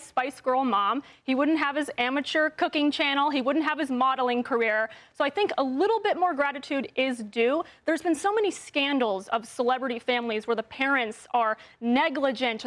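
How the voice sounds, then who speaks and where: High-voiced woman, firm panel commentator. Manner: firm, confident, forthright. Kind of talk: opinionated TV panel talk.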